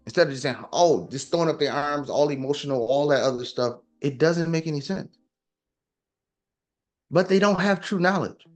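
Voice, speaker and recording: A man's voice: on the high side, moderate pace, soft background music. A man talking casually and emphatically, lecturing with rhetorical questions. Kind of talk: casual opinion talk.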